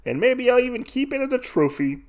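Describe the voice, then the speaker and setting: A man's voice: very high-pitched, sing-song, fairly quick, a little mellow, voice pushed up, heavily acted. A man voicing an arrogant male swordsman who taunts and boasts before a duel. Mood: taunting. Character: arrogant male swordsman duelist, gloating bully.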